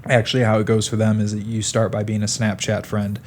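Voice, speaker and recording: A young adult man hosting a podcast interview, telling anecdotes in an animated, casual way. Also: lowish voice, fast, slight background noise. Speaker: podcast host.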